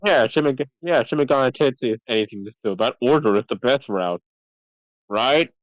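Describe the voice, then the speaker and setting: A man's voice: medium pitch, brisk, no echo, rough recording. A man co-hosting a podcast, making rambling, sarcastic asides while watching a movie. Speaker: podcast co-host. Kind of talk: casual movie-riffing chat.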